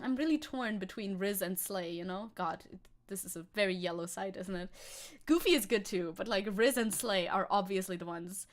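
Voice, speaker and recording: A woman's voice: mid-range voice, a bit bright. A woman chatting casually on a live stream, playful and giggly, reading chat aloud.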